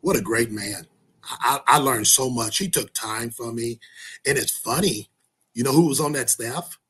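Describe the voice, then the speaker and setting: A man's voice: medium pitch, normal speed, a bit bright, breathy edge. A man, a basketball coach guest, telling a story in a rambling, folksy way. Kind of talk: casual chat.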